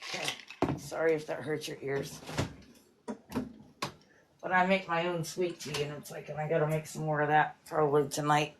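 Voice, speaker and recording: A woman's voice: sits low, level tone, normal speed, pauses often, a little hiss or hum. A woman, chatting casually on a livestream from her home kitchen and talking in long, rambling stretches. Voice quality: rambling, fond of "it's like".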